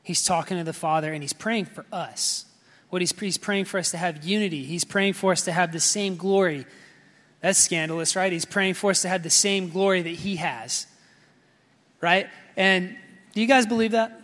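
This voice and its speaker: A man's voice: sits high, fairly even intonation, moderate pace, fairly bright tone, long reverb tail. A man preaching a sermon with personal stories, talking casually with many fillers and calling out to the congregation.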